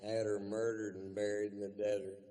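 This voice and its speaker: Male stand-up comedian, lowish voice, drawling deadpan delivery, stage mic, faint background hiss. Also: brisk. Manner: drawling, deadpan, profane storytelling. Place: live theater stage before an audience.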